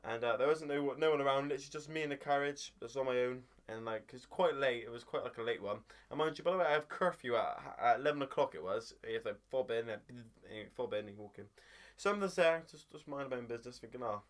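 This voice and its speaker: A young Englishman rattles through a vlog story at a rapid clip. He rambles, leans on filler words and jumps into high squeals to act out what people said, in a voice of middling pitch. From England. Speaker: vlogger. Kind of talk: casual storytelling.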